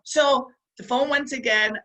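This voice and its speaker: A woman's voice: sits high, a little slow, bright, forceful tone, muffled recording. A middle-aged woman with a Yorkshire accent, a stunt performer giving a storytelling motivational talk, chatty and earnest, who repeats her advice and speaks straight to her listeners.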